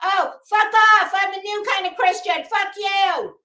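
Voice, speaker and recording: A woman doing a mocking impression of a brash, foul-mouthed woman streamer who swings from sugary greetings to loud cursing. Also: measured pace, echoey room, exaggerated voice. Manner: loud, profane, shrill sweet-then-cursing.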